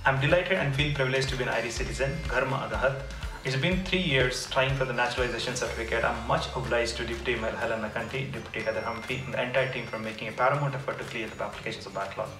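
A man's voice: mid-range voice, steady tone, rapid-fire, few pauses, roomy sound, distant mic, over music, low-quality recording. A man who is a new citizen giving formal thanks in a recorded video message. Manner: formal, grateful.

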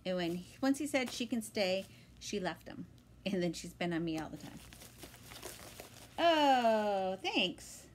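A woman chatting casually at home in her vlog, excitable and talkative, her voice jumping high when she is thrilled. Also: normal speed, slight background noise, rough recording. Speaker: vlogger. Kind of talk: casual chat.

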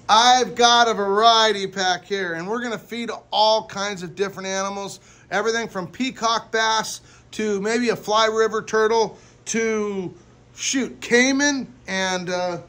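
A man hosting a casual vlog at an exotic pet store, excitable, often bursting into laughter and loud exclamations while feeding animals. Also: high voice. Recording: echoey room.

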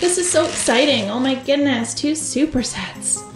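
A woman hosting a toy unboxing video, gushing with excitement and talking straight to her viewers. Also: high-pitched, moderate pace. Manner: gushing, excitable, talks to viewers as "you guys". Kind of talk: casual unboxing commentary. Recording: echoey room with faint music.

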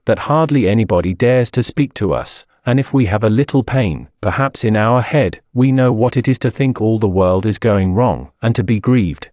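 A man reading an old sermon aloud in a solemn, measured preaching cadence. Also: mid-range voice, darkish tone, no room sound, clean studio sound. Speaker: sermon reader.

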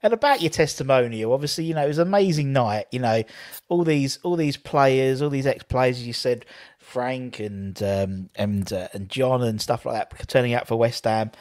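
A man's voice: medium pitch, normal speed, darkish tone, no room sound, studio quality. A man hosting a casual live Q&A, reading out viewer questions and agreeing often. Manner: frequent agreeing interjections. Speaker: host.

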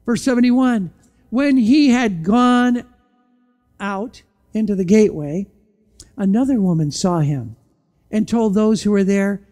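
A warm, mellow, mid-pitched pastor gives an animated sermon in church at a measured pace with long pauses. Pointed rhetorical questions fill his delivery, broken by sudden hushed, low moments for emphasis.

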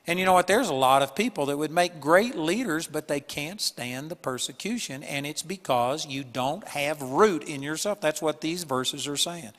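A man preaching a sermon in an earnest, emphatic way, with sudden loud bursts on key points. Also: a little high, animated, normal speed, few pauses, long reverb tail. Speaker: pastor. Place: church hall with a live audience.

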